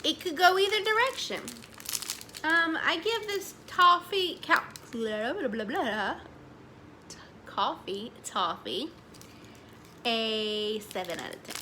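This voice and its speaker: A young woman, chatting excitedly as she reviews snacks, saying "y'all" a lot. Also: high voice, slow pace, slight background noise. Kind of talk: casual chat.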